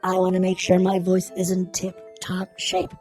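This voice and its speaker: A man's voice: high-pitched, completely flat delivery, normal speed, a little mellow, faint music behind, natural voice. A man doing a goofy babbling robot sidekick. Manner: babbles tongue twisters and nonsense rhymes. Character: silly male robot co-host, chattering nonsense.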